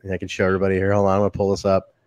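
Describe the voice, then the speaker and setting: A man's voice: low voice, monotone, rapid-fire, a little mellow, no echo. A man chatting casually with his bandmates over a video call, rambling and full of fillers. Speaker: band member. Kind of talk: casual chat.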